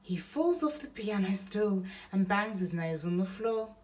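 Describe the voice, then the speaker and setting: A mother reading a bedtime storybook aloud to her baby in a slow, gentle pace. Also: mid-range voice, lively intonation, far from the mic.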